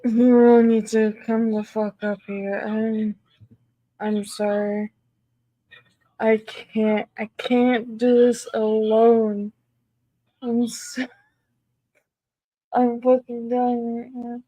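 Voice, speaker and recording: A woman's voice: on the high side, little pitch movement, slow pace, pauses often, dark tone, no room sound, low-quality recording. A young woman chatting casually on a live stream, swearing constantly and exclaiming in disbelief.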